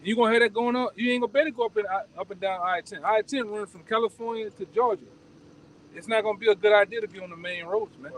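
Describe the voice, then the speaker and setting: Fast, high-voiced man leading a discussion. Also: fairly even intonation, distant mic, slight background noise, poor audio. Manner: emphatic, repetitive, ends phrases with "man". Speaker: discussion leader. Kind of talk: casual group discussion.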